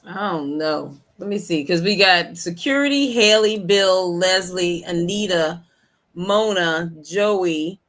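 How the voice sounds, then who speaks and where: A woman co-hosting a casual chat podcast over a video call, easygoing and quick to laugh. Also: fairly low pitch, fairly bright tone. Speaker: podcast co-host.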